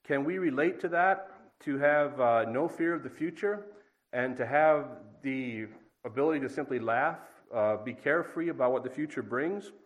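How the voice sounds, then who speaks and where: A man's voice: mid-range voice, normal speed, rough recording. Middle-aged man, preacher, reading scripture and talking it through plainly, mid-range voice. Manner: plain, conversational, with fillers and a dry aside. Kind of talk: reading scripture and giving a short devotional talk.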